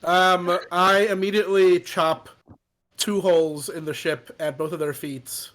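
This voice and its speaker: A man playing a tabletop game, talking in a brisk, impulsive way. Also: sits high, steady tone, fairly bright tone, low-quality recording. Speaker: player. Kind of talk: casual tabletop game play.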